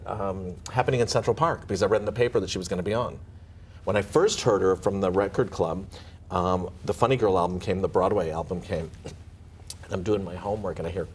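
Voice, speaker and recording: A middle-aged man, a guest in a casual interview, telling animated stories with laughs and acted-out bits. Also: lowish voice, a little hiss or hum. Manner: animated, laughing, acts out and hums snippets.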